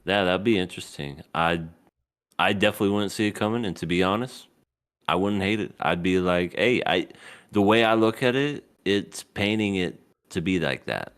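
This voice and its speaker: A low-voiced man co-hosting a podcast, talking in easy casual chat. His pitch swings widely as he goes, and he often jumps up into mocking high voices to get a laugh. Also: expressive, moderate pace, fairly bright tone, clear, resonant tone. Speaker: podcast co-host.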